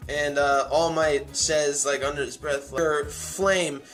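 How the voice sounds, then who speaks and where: A man with a somewhat high voice talks through an anime episode in a loose, casual recap. He rambles eagerly and restarts his sentences often, filling the gaps with "uh" and "like." Faint music plays quietly in the background. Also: level tone, a little slow. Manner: rambling, many fillers and restarts; enthusiastic. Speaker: anime reviewer.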